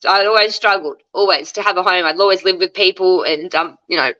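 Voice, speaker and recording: A woman's voice: lowish voice, a little fast, bright, forceful tone, muffled recording. A woman in her thirties with an Australian accent, telling her story as an interview guest in a candid, chatty way. She acts out the dialogue she quotes.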